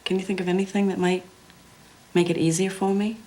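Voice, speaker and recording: A woman's voice: medium pitch, little pitch movement, fairly quick, dark tone. A mother who smokes, patiently explaining herself in a documentary interview.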